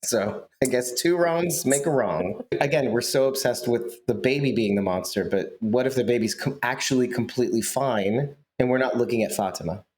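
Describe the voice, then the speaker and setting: A man co-hosting a podcast, chatting casually with his co-host. His tone is teasing and jokey, and he likes to poke fun and bait a reaction. His pitch sits in an ordinary middle range for a man. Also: normal speed, few pauses, darkish tone. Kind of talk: casual chat.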